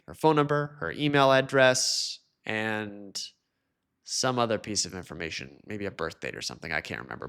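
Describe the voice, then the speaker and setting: Male podcast host, lively chatty monologue, middle pitch with wide swings, casual. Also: smooth. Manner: chatty, animated, mimics complainers in high mocking voices.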